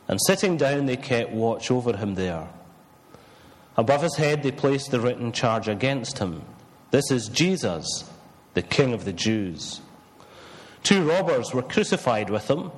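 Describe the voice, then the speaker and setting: A man reading scripture slowly, then preaching a sermon with frequent fillers. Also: mid-range voice, in a large hall, low-quality recording.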